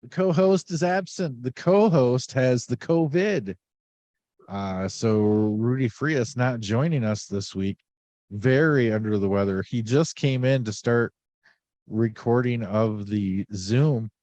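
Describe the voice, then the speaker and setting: A man's voice: mid-range voice, takes it slowly, a little mellow, dry recording. A man hosting a podcast in casual chat, a little under the weather, rambling and joking with many fillers. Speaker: podcast host.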